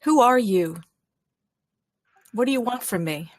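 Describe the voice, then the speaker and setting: A woman's voice: a little high, animated, measured pace, no echo, studio quality. A woman player in a tabletop role-playing game, speaking earnestly and pleadingly in character.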